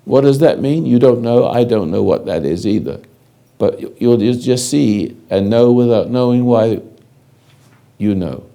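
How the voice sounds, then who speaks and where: An older man giving a slow, halting spiritual lecture, speaking directly to a listener in a commanding way. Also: mid-range voice, gravelly, dark tone. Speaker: spiritual teacher.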